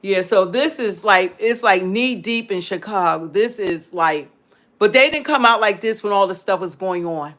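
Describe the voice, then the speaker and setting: A woman's voice: mid-range voice, moderate pace, a bit bright. A woman hosting a political commentary livestream, talking emphatically and repeating her points. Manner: emphatic, repetitive, preachy. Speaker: livestream host.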